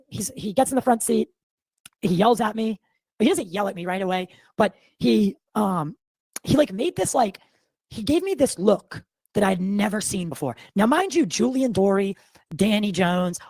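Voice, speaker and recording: A man from Massachusetts hosting a podcast, telling a story in a rambling, animated way and swearing freely, audibly shaken. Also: sits high, no echo. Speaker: podcast host.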